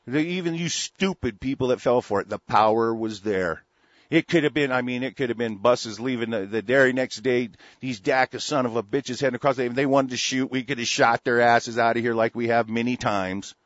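A man's voice: mid-range voice, fairly quick, no room sound. Man ranting profanely, lo-fi audio. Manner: profane, heated and repetitive. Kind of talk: angry political rant.

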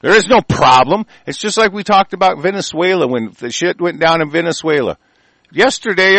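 A man giving angry, profane ranting commentary in reaction to the news, with shouted bursts and many halting fillers. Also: high voice, no echo, poor audio.

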